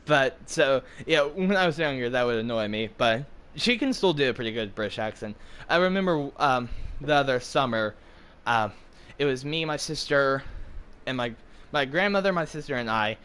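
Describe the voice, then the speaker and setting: A man's voice: medium pitch, animated, normal speed, fairly bright tone, clear, resonant tone. An American man in his twenties chatting casually while gaming, rambling with lots of fillers and jokes. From United States. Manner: rambling, full of fillers, jokey. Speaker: gaming streamer.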